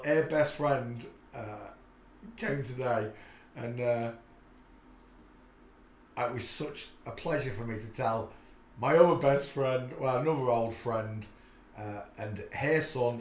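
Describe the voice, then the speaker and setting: A man's voice: mid-range voice, reverberant. A man hosting a casual live stream, chatting in a rambling way with many filler sounds. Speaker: livestream host.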